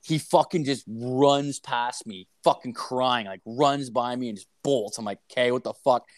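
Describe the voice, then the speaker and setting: A man's voice: medium pitch, measured pace, dry recording. A man co-hosting a podcast, telling crude rambling anecdotes in casual chat, swearing a lot. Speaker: podcast co-host.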